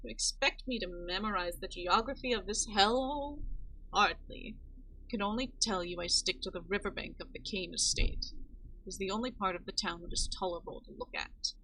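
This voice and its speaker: A haughty young female botanist, played by a woman reading a game aloud, pompous and scornful, her put-on accent wandering as she goes. She talks at a mid pitch with a little faint hiss behind her. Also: fairly quick, pushed and bright, poor audio.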